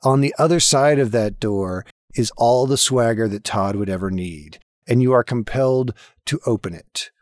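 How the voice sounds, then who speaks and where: A man's voice: mid-range voice, moderate pace, darkish tone, no room sound. Dry, playful game-master voice, man. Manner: profane, playful dramatic narration. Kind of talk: narrating a tabletop game.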